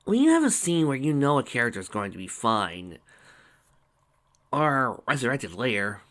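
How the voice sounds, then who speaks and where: A man's voice: medium pitch, very animated, moderate pace, a bit bright. A man casually reading a fan story aloud and breaking off for wry, rambling asides. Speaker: fanfiction reader and commentator.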